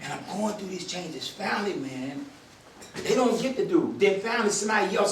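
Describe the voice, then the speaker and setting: In this clip the older retired marshal sounds high-pitched and speaks at a normal speed. He's an animated storyteller who acts out voices and laughs with the audience, recorded from far off in an echoey hall with slight background noise.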